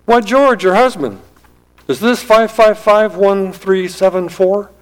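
A kindly, soothing older woman on a phone call, as a preacher puts her on in a sermon story. She speaks somewhat higher than his usual voice, with a steady, reassuring manner. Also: brisk, natural voice.

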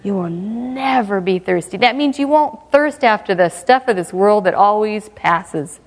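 A woman's voice: mid-range voice, expressive, a little slow. A woman preaching a sermon in a conversational, emphatic way, with playful asides. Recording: long reverb of a hall.

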